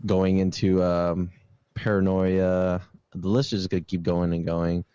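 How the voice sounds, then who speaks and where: A man's voice: low-pitched, little pitch movement, unhurried, mellow, clean tone, dry recording, muffled recording. A young man hosting a casual podcast chat, talking in a laid-back, rambling way with fillers. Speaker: podcast host.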